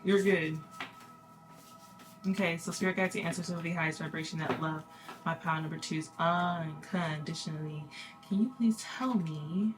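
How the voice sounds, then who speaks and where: A woman's voice: deep voice, normal speed, music in the background. A woman giving a casual spoken card reading to her viewers, chatty and reassuring, full of fillers and small laughs. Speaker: tarot reader.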